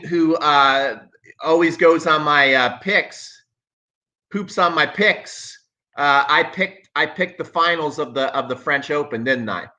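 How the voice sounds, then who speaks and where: A man's voice: a little high, sharp tone, poor audio. A man hosting a live tennis stream, talking in a sarcastic, emphatic way and repeating himself for effect. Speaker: tennis coach and channel host.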